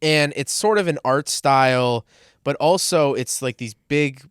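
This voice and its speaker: A man's voice: mid-range voice, measured pace, clean tone, no echo, clean studio sound. A man co-hosting a podcast, explaining things in casual chat with lots of "um" and "like". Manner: explains at length, with many fillers like "um" and "like". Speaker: podcast co-host.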